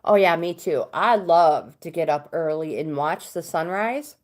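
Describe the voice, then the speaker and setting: A woman's voice: low voice, a little slow. Chatty middle-aged woman hosting a livestream. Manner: chatty, reads viewer comments aloud. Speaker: livestream host reading cards for viewers. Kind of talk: casual live chat.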